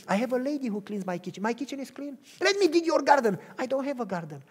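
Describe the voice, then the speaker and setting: Man preaching, romanian accent, husky, lively pitch, hushed to shouting. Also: fast, few pauses. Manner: acts out dialogue, swings from hushed to shouting. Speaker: pastor. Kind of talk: sermon.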